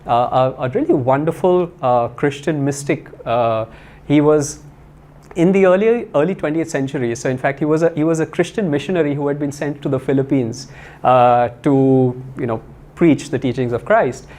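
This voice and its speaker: A man's voice: fairly high pitch, moderate pace, darkish tone. A man giving a spiritual talk, telling stories in a conversational way with many fillers and restarts.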